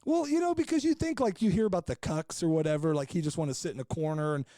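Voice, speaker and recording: Podcast regular, male, mellow voice, frank and jokey, rambles with fillers; dry recording. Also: on the high side, quick pace, dry recording. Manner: rambling, loose, with many fillers and restarts. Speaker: podcast co-host. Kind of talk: casual storytelling chat.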